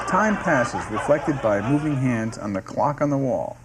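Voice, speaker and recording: A man narrating the stage directions of a sitcom script in a steady, descriptive reading. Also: mid-range voice, a little slow, hardly any pauses, crowd noise. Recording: music playing underneath.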